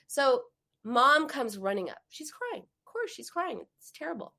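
A woman hosting a podcast, a parent who gives advice in a conversational way and tells stories with lively quoted voices. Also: high voice, unhurried, creaky. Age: adult, a parent. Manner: animated storytelling, acts out quoted voices. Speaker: podcast host.

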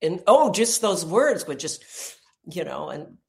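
A woman hosting a casual conversation, talking in an animated way and laughing often. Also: on the low side, unhurried, gravelly.

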